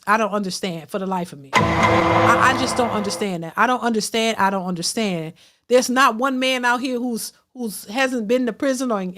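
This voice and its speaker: This woman hosts a casual reaction livestream, reading super chats aloud and offering blunt opinions. Her voice sits on the high side and sounds slightly bright. She is outspoken, repeats phrases often, and keeps restarting her sentences.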